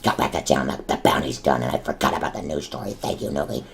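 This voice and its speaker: Brief: man putting on a rumbling, ultra-deep gravelly grouch, snappish and easily riled, comedy banter. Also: steady tone, quick pace. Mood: irritated. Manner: grumbling, blustering, snappish. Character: hot-tempered gruff man, easily riled.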